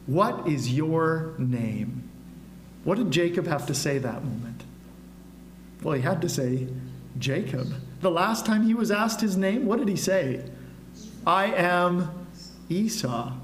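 A high-pitched man preaches a Sunday sermon, asking his listeners rhetorical questions again and again. His voice rings around an echoey church sanctuary. A faint hum sits underneath. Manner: asks the congregation rhetorical questions. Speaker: pastor.

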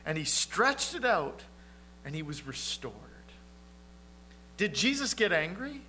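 A man preaching a sermon in an earnest, conversational way, asking his listeners questions and sometimes dropping to a low, quiet voice for emphasis. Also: big pitch swings, takes it slowly, pauses often, a little hiss or hum. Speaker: pastor.

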